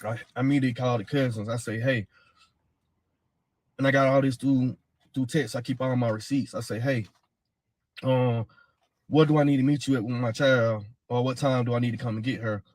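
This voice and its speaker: A man's voice: medium pitch, steady tone, a little fast, long pauses, darkish tone. A man telling his own account in a blunt, heated way, swearing and repeating himself. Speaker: father of a missing woman's child. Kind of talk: casual first-person account.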